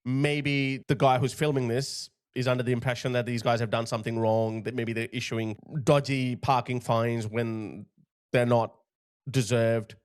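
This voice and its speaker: A man's voice: mid-range voice, flat delivery, normal speed, smooth. A male commentator giving emphatic, indignant opinion commentary on a video he plays. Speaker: political commentator.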